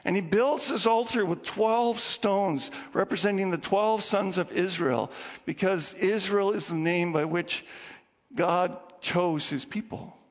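A man preaching a sermon as pastor, telling the story in an animated way and acting out the people in it. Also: sits high, measured pace. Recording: dull lo-fi recording with long hall reverb.

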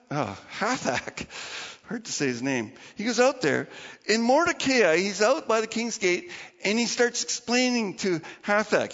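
A man, a pastor, preaching a sermon with animated storytelling and acted-out voices. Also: high-pitched, big-room sound, highs cut off. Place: church.

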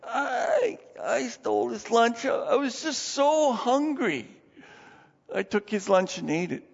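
A squeaky, pleading young boy, as a preacher puts him on, who is poor and hungry and close to tears. The voice pitches far above a grown man's. It comes through a dull recording that rings with long hall reverb. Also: sing-song, takes it slowly, gravelly, heavily acted. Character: poor, hungry ten-year-old boy, pleading and tearful.

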